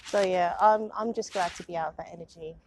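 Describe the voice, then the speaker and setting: A woman's voice: lowish voice, fairly even intonation, fast, a little hiss or hum. A young woman, chatting on her own vlog in a rambling, self-mocking way and laughing often. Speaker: vlogger. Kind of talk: casual confessional chat. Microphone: phone or low-end camera.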